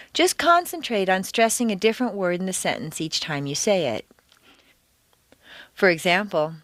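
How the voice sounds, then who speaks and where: Woman with lively, sweeping intonation. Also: mid-range voice, no room sound. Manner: clear, deliberate teaching delivery with exaggerated stress in examples. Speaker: accent coach. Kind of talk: scripted audio lesson.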